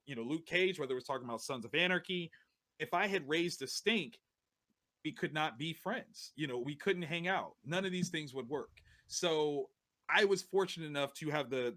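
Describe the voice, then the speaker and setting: A man guest on a podcast, telling a story in an animated, slangy way and often laughing as he talks. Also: on the high side.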